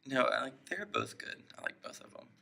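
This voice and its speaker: Gravelly, bright-voiced young man joking. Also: mid-range voice, huge pitch swings, a little fast. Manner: joking, self-mocking, laughs often. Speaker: podcast host. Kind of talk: casual chat.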